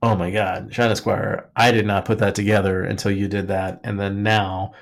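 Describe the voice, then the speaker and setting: A man's voice: on the low side, level tone, moderate pace, gravelly. A man co-hosting a podcast, rambling jokily through a history topic in casual chat, filling his talk with "like" and restarts. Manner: rambling and jokey, heavy use of "like", frequent restarts. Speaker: podcast co-host.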